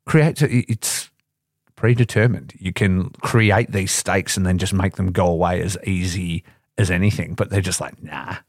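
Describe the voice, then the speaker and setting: A man co-hosting a podcast, chatting casually and profanely about wrestling, laid-back and quick to laugh. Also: deep voice, steady tone, no room sound, clean studio sound. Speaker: podcast co-host.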